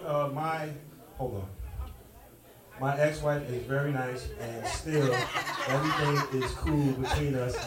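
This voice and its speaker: Loud middle-aged man doing stand-up. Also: on the high side. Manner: loud, punchy, teasing the audience. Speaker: stand-up comedian. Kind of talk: stand-up comedy set. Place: stage in a club with a live audience. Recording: echoey club, distant mic, crowd noise. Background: audience laughing and clapping.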